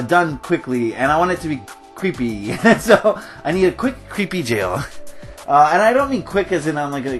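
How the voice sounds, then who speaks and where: A man hosting a gaming channel, ranting in casual game commentary and getting worked up, with fillers and nervous laughs. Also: fairly high pitch.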